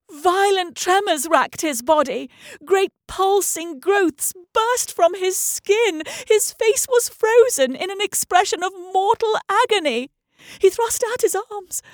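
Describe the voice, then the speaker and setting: A woman narrating a first-person horror story dramatically, at times dropping into hushed whispers. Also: high-pitched, no echo, studio quality.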